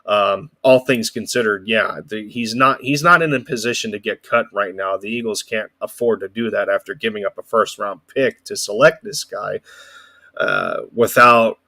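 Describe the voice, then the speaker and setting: A man's voice: on the low side, moderate pace, sharp tone, no room sound. A man co-hosting a casual sports podcast, rambling and restarting his phrases as he talks. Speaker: podcast co-host.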